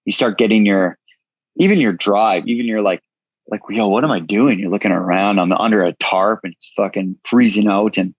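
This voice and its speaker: A man's voice: lowish voice, normal speed, husky, no echo, dull audio. A man in his thirties, a guest in an interview, telling his story frankly and casually, swearing freely. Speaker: guest, entrepreneur.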